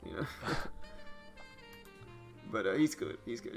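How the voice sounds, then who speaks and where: A man talks his way through a live trading stream in a loose, chatty way and gets animated when he tells a story. His voice has a bright edge. Soft jazz plays faintly behind him. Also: fairly low pitch, a little slow, gravelly. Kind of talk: casual live stream chat and market news. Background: soft jazz music.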